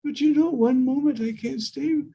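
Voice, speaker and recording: A man doing a young goddess, softly pleading. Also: very high-pitched, normal speed, gravelly, highs cut off, pitched above the performer's own voice. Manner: soft pleading voice.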